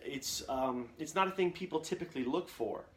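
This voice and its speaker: A man's voice: fairly high pitch, fairly quick, a bit bright. A man hosting a live Q&A, giving casual advice in a plain, everyday voice that he calls nerdy. He rambles candidly and often restarts his sentences.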